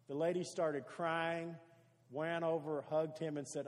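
A man's voice: fairly high pitch, level tone, unhurried, long reverb tail. A man preaching a sermon as pastor, earnest and stacking repeated phrases for emphasis.

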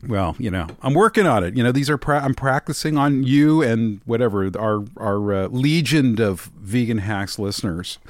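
Animated, rambling male podcast host. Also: mid-range voice, moderate pace, few pauses, dry recording, studio quality. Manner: animated, many restarts and fillers. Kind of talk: casual chat.

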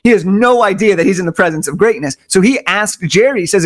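Male guest with a slightly high voice, an enthusiastic storyteller who hammers his points home. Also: fast talker. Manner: energetic, enthusiastic, emphatic repetition. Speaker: podcast guest. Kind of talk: conversational storytelling.

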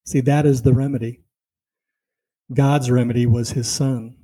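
A man's voice: medium pitch, steady tone, measured pace, dark tone, low-quality recording. A man teaching a Bible lesson in a conversational way, telling personal stories and driving his points home with "see" and "you know.".

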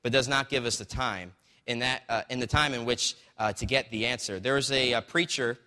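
A man preaching a casual, story-driven sermon, often checking in with the crowd through quick rhetorical asides. His voice is bright and forward. It rings out with a long reverb, as if in a large hall. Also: mid-range voice, fairly even intonation. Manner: conversational, storytelling with acted quotes, frequent "right?" asides.

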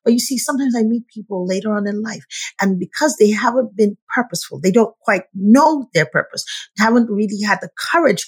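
A woman coach speaking as a podcast guest in an animated, preacher-like way, weaving scripture into her points. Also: medium pitch, a little fast, husky. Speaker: guest, feminine leadership coach. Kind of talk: conversational interview.

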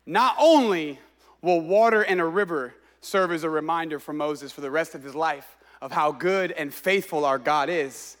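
A man's voice: a little high, normal speed, a bit bright. A man preaching a sermon with passion, exclaiming and repeating phrases for emphasis.

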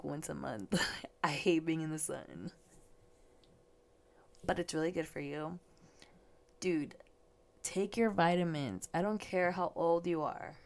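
A woman's voice: sits low, creaky. A young woman hosting a casual solo podcast, swearing freely and laughing often, a little stuffy and yawning. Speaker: podcast host.

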